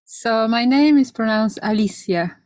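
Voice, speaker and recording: A woman's voice: medium pitch, moderate pace, dry recording. A woman on a video call in a casual group chat, friendly and laughing lightly.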